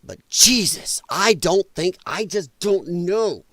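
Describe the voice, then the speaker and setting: A man's voice: sits high, lively intonation, takes it slowly, sharp tone, no echo. A man hosting a podcast, delivering a heated, profane political rant in an emphatic, exasperated way. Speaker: podcast host.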